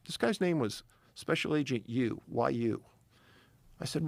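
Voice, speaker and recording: A man's voice: medium pitch, lively intonation, unhurried, gravelly, no echo. A middle-aged man telling a story in a casual interview, emphatic and building tension. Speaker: podcast guest, missing-persons researcher.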